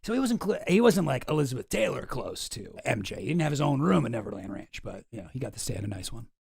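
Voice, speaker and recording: A man hosting a commentary show, reacting to clips with sarcastic, deadpan asides. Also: medium pitch, fast, creaky, husky, no echo, clean studio sound. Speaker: host.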